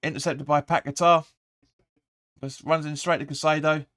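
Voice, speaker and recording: A man hosting a live football watch-along, rambling through the play and sometimes shouting at the players. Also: fairly high pitch, flat delivery, moderate pace, no room sound, clean studio sound. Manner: rambling, restarts often, erupts when urging players. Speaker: fan channel host.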